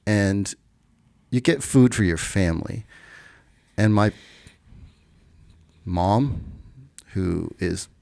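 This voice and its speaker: A middle-aged man, a podcast guest, telling a personal story casually, with animated bursts when he quotes himself and others. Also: on the low side, extremely slow, vocal fry, long pauses, no room sound.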